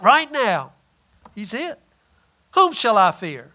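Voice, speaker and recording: Male pastor, sermon delivery, high and bright, big dynamic swings. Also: sing-song, slow pace. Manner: preaching with swings from loud emphasis to near-whispered lines.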